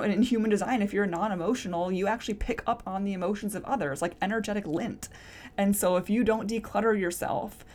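A woman's voice: mid-range voice, darkish tone. Chatty woman hosting a solo podcast. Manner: reflective, talks through rhetorical questions with many "like" fillers. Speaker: podcast host. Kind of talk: casual solo podcast monologue.

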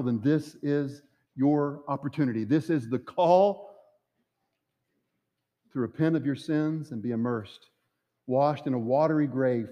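A man's voice: on the high side, mellow. A man preaching a sermon, earnest and pleading, building his points with rhythmic repetition. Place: church sanctuary. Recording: long reverb of a church hall.

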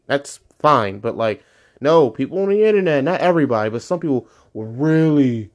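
A young adult man hosting his own podcast, ranting casually and profanely, his voice jumping high when he gets annoyed. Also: animated, normal speed. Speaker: podcast host. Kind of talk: casual solo podcast rant.

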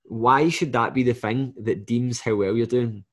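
A man's voice: mid-range voice, steady tone, moderate pace. Male coach, podcast guest, casual and blunt, swears, mimics clients mid-sentence. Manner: blunt and swears freely, acts out clients' lines.

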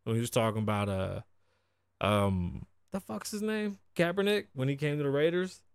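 A man's voice: mid-range voice, animated, normal speed, vocal fry, smooth, no echo. A man hosting a podcast, riffing on news in a casual, profane and opinionated way. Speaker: podcast host.

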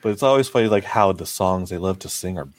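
A young American man, a podcast co-host, telling lively stories in casual chat, swearing often and acting out the people he quotes. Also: low-pitched, fast talker. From United States. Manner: animated storyteller, swears often, acts out quotes.

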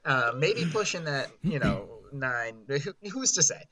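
A young man co-hosting a podcast, telling a story in a casual, animated way and laughing often. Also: medium pitch, measured pace. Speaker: podcast co-host.

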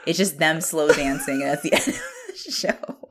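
A woman's voice: low voice, normal speed, slight background noise. A woman co-hosting a podcast, recapping a TV episode in loose casual chat, full of fillers and swearing. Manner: chatty, swears freely, lots of "like". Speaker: podcast co-host.

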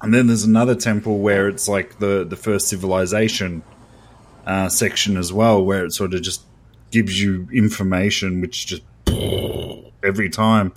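A man's voice: low voice, fairly even intonation, moderate pace. A young man with an Australian accent co-hosting a podcast, talking loosely with lots of fillers. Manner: laid-back, rambling with fillers. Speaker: podcast co-host. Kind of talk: casual chat.

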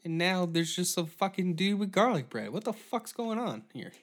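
A man voicing an outraged mourner ranting in a raised, higher voice. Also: big pitch swings, moderate pace. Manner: indignant, profane ranting.

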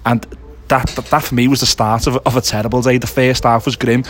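A man co-hosting a casual post-match football reaction, giving brisk, opinionated analysis. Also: medium pitch, level tone. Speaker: football podcast co-host.

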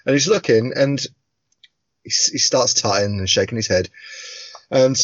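A man in his forties co-hosting a podcast, telling stories in a casual, animated way, swearing and laughing often. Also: medium pitch, normal speed, no room sound. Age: 40s. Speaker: podcast co-host. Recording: dull, dry lo-fi sound.

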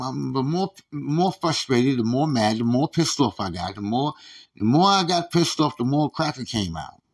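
A man's voice: medium pitch, creaky, slightly rough. A man hosting his own podcast, venting in a profane, stammering rant with many restarts. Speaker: podcast host. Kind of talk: casual ranting monologue.

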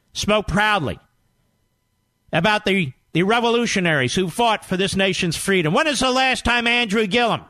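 Combative high-pitched talk radio host man. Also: bright, forceful tone, no echo. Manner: combative, rapid-fire rhetorical questions; emphatic, rallying. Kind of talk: political talk radio monologue.

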